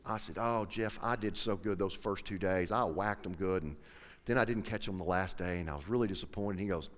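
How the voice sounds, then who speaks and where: A man telling a folksy, animated story to a live audience, acting out both sides of the conversation. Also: deep voice, a little fast. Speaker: professional angler speaking to an audience. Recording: echoey hall with long reverb.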